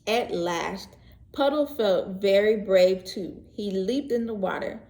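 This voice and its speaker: A woman teacher reading a picture book aloud to young children, gentle and expressive, pausing to ask questions and explain words. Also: medium pitch. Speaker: pre-K teacher. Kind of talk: read-aloud story lesson for young children. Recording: echoey room.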